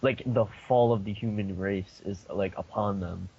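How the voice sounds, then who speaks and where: A young man chatting on a podcast, halting and full of fillers as he works out his thoughts. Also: fairly low pitch, gravelly, darkish tone, breathy edge, lo-fi sound. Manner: halting, lots of fillers and likes. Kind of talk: casual chat.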